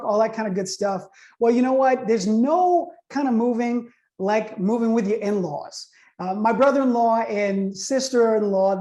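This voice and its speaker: A man's voice: extremely high pitch, dark tone. A man in his thirties telling a personal story to an online audience in a conversational way, building suspense with questions to his listeners.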